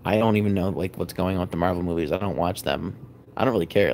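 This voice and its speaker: A man's voice: low voice, quick pace, darkish tone. A man chatting casually on a livestream from his loft at home, rambling, yawning and answering viewer comments, recorded on a phone. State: sleepy, yawning. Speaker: livestream host. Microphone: phone camera.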